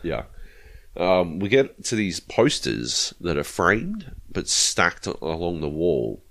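Aussie guy rambling through a story on a podcast, swears a lot, lowish voice that bounces all over. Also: wildly swooping pitch, takes it slowly, vocal fry, fairly bright tone. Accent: Australian. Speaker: podcast co-host. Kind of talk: casual chat.

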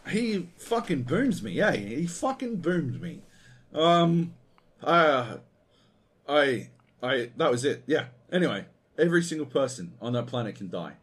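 A man's voice: medium pitch, big pitch swings, unhurried, breathy edge. A man co-hosting a video game podcast, ranting in a casual, profane and exasperated way. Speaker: podcast co-host.

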